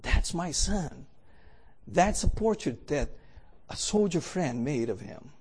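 A man's voice: on the high side, expressive, takes it slowly, darkish tone, husky, heavily acted. A preacher voicing a proud grieving father. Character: proud grieving older father, art collector.

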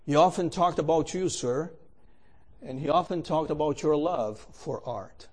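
A man's voice: fairly high pitch, unhurried, a little mellow, husky. A man telling a story in a sermon, with a dramatic and emphatic delivery. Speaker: preacher.

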